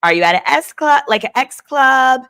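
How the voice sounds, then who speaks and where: A woman attorney hosting a live stream, giving sassy, animated legal commentary and talking straight to her viewers. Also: high-pitched, normal speed, clean tone.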